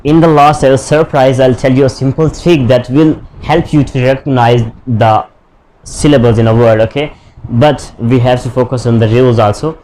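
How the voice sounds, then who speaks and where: A man's voice: medium pitch, fairly even intonation, a little mellow, a little hiss or hum, poor audio. Man teaching a lesson. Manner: explains slowly with many fillers and restarts. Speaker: English teacher. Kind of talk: online English lesson.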